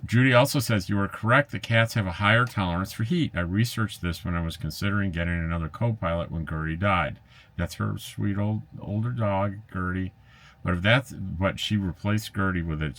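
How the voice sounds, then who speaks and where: A low-pitched man with a fairly bright tone, an RV travel vlogger, reads comments from viewers and replies in a relaxed, talkative manner. He fills pauses often, laughs lightly, and has a wry, slightly sarcastic edge.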